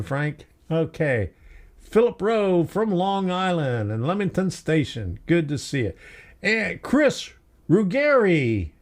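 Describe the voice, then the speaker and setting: An older man hosting a live stream, greeting viewers by name in a chatty, folksy way. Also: sits high. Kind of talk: casual live stream chat.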